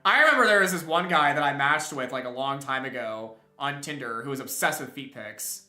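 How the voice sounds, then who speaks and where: A man's voice: mid-range voice, lively intonation, a little fast, sharp tone, faint music behind. A young man streaming a game, chatting casually and rambling with many restarts and chuckles. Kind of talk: casual live-stream chat while gaming. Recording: roomy echo.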